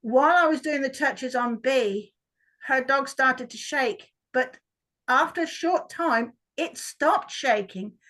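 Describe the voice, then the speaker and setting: A woman's voice: high voice, slow, a bit bright, low-quality recording. A woman, a workshop participant, chattily telling a story about her dog on a video call. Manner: chatty, with restarts.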